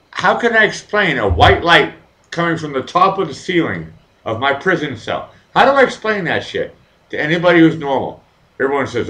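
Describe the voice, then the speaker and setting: Man, live show host, rambling and profane, lively up-and-down pitch, bright edgy tone. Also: normal speed, rough recording. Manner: rambling, profane, animated storytelling. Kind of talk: casual live chat.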